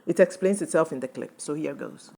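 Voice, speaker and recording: A woman's voice: deep voice, a little fast, vocal fry, mellow, slightly rough. Indignant woman commentator. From Ghana. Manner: indignant, emphatic. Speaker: commentary channel host. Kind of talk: impassioned commentary.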